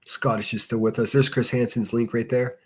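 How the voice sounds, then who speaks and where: A man's voice: mid-range voice, little pitch movement, fairly quick, a little hiss or hum. A man hosting a casual solo livestream, reading chat and giving blunt, profane, rambling commentary. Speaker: livestream host.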